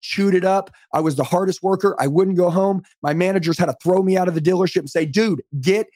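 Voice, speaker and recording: Fast-talking fervent motivational man. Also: sits high, fairly even intonation, dark tone, no room sound, studio quality. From United States. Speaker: podcast guest, sales trainer. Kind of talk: energetic storytelling on a podcast call. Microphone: remote call.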